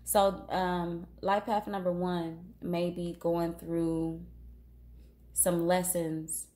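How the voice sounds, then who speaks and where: Slow, mellow-voiced woman with a cold. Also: on the low side, level tone. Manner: slow, unhurried, with fillers and pauses. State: has a cold, sniffling. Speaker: tarot reader. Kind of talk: casual tarot reading.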